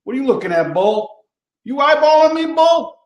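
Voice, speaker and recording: A man's voice: extremely high pitch, very animated, moderate pace, lo-fi sound, voice pushed up. A man voicing a blustery cowboy bull-riding coach in a put-on rodeo drawl. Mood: bossy. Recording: roomy echo.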